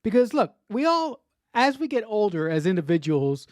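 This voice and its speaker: A man with a notably high voice talks casually about a TV episode, circling back over his words as he builds his point. The recording is close and dry. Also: big pitch swings, normal speed, no room sound. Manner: rambling, repeats words while finding his thought. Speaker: podcast co-host.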